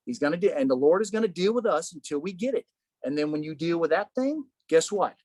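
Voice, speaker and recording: Man teaching a Bible study, slightly high voice. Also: fast talker. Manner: animated, rhetorical questions, says "man" often.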